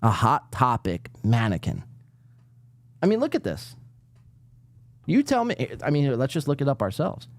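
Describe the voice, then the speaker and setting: Man, podcast host, profane sarcastic rant, swooping pitch, dry close sound. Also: moderate pace, long pauses, no room sound. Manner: lively, jumpy pitch. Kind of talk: casual live-stream commentary.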